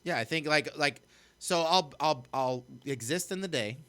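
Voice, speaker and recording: A man's voice: on the high side, moderate pace, sharp tone. A man co-hosting a casual podcast, telling rambling stories in an earnest way and swearing as he goes. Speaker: podcast co-host.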